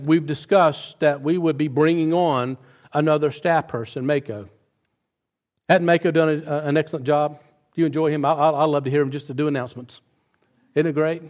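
A middle-aged male pastor preaching a sermon, earnest, often restarting and repeating words as he tells a story. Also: on the high side.

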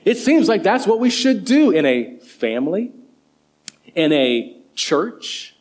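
A middle-aged man delivers a sermon with a lively, swooping voice that sits a touch high for a man. He hits key words with emphatic rises, then drops back down. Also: slow pace. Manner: emphatic, stresses single words with rising pitch. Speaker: associate pastor and children's director.

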